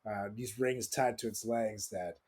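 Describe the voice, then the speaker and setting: A man's voice: on the low side, fairly even intonation, a little slow, darkish tone, husky. A young man hosting a casual podcast with a jokey, rambling delivery and lots of fillers. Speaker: podcast host.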